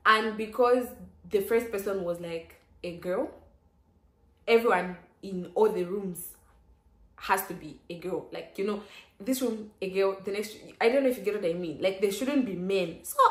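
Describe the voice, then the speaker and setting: A young woman vlogger telling a personal story in a chatty, lively way, with lots of "like" fillers and sudden exclamations. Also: mid-range voice, moderate pace. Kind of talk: casual storytelling. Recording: roomy echo.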